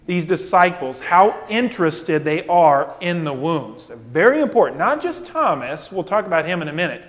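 A man's voice: high voice, long reverb tail. A male pastor preaching a sermon, emphatic and full of rhetorical questions.

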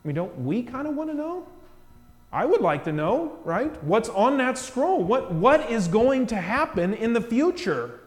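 Preaching at a measured pace, a pastor tells his sermon's stories with animation and rhetorical questions, his voice fairly high. Hushed moments for weight give way to loud emphasis, and a long church reverb carries his voice off.

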